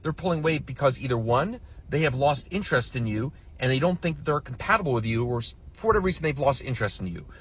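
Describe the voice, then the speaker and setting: A man's voice: mid-range voice, expressive, quick pace, few pauses, fairly bright tone, slightly rough. A male relationship coach reacting to another video in a blunt, heated, profane rant. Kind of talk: reaction commentary.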